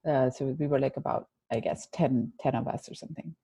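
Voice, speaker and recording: A woman's voice: extremely low pitch, fairly quick, vocal fry, dark tone, slightly rough, no echo. A woman guest telling a personal story in an interview, earnest and reflective, with frequent restarts.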